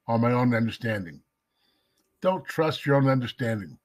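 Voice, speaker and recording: Husky-voiced man teaching a casual devotional. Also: mid-range voice, very animated. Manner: emphatic, slows down to stress key words; drops to a whisper for emphasis. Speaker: messianic Jewish teacher.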